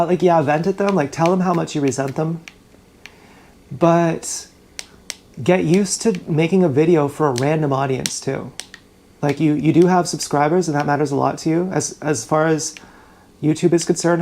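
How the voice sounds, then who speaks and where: Gravelly, fired-up venting vlogger. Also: mid-range voice, darkish tone, a little hiss or hum. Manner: agitated, profane, rambling. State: fired up and upset. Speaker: YouTuber. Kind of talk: emotional venting vlog. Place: indoors, live stream. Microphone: GoPro camera.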